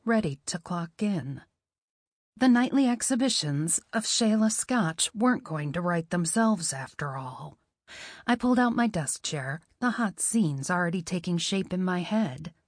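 A woman reading a first-person novel in a wry, expressive way. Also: medium pitch, dry recording, studio quality. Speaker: audiobook narrator.

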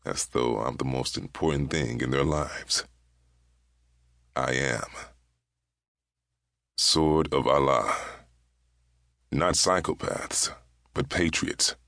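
A man voicing a young male hijacker's grim, measured inner thoughts in a storybook reading. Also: extremely low pitch, gravelly, a bit bright, no room sound, studio quality, heavily acted.

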